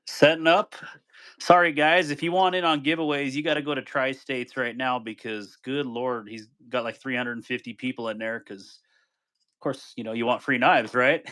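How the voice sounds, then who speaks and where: A man's voice: medium pitch, a bit bright. Chatty man hosting a live stream. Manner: chatty, greets viewers by name, laughs easily. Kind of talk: casual live stream chat.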